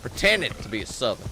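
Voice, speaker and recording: A man's voice: lowish voice, gravelly, noisy background. A man from Canada giving joking, profane gameplay commentary in a rambling, playful way. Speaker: gaming commentator. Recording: game music loud underneath.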